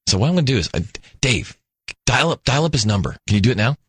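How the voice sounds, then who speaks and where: A man's voice: mid-range voice, sing-song, quick pace, slightly rough, no echo. A male radio host telling a rambling, jokey story on air into a studio mic. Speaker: radio talk show host. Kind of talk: talk radio monologue.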